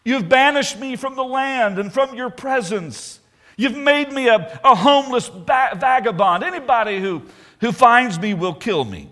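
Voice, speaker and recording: A man's voice: very high-pitched, lively intonation, measured pace, pushed and bright, voice pushed up, full character voice. A preacher voicing the biblical Cain as a whining, self-pitying man who stammers as he complains.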